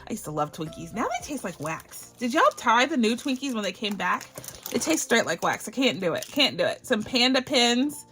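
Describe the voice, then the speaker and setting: A bubbly woman from Barbados opens mail on her budgeting vlog, her voice sitting a little high. She gushes thanks in a casual, chatty way. Soft music plays faintly behind her. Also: very animated, moderate pace. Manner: bubbly, effusive, gushing thanks. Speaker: budgeting channel host.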